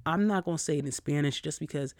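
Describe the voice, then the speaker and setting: A man's voice: fairly high pitch, fast talker, no room sound. Profane, fired-up podcast guy, dry sound. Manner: profane, animated storyteller. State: recovering from a cold. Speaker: podcast host. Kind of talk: casual solo podcast rant.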